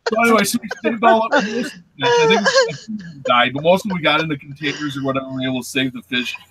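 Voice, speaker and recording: A man in his forties, hosting a casual chat show and telling a lively story in which he acts out voices and sounds. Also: fairly high pitch, fast talker, over a noisy crowd. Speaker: show host.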